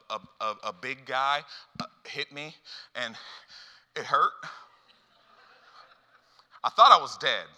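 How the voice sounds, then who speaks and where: A man's voice: mid-range voice, pushed and bright. A man preaching a sermon as a pastor, telling stories and acting out dialogue with lots of repeated phrases. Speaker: youth pastor. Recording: long hall reverb.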